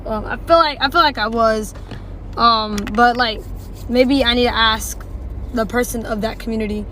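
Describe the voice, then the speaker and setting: A woman's voice: fairly high pitch, fairly even intonation, moderate pace, pushed and bright, slight background noise, low-quality recording. A woman telling a storytime to her phone, hesitant and rambling, second-guessing herself. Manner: rambling, hesitant, self-questioning. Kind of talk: casual storytime.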